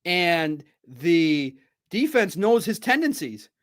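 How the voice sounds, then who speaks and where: A middle-aged man hosts a casual sports recap. His voice sits a little higher than most men's. He tells his stories in an animated, chatty way. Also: slow. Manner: animated, chatty storytelling with laughs. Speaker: podcast host.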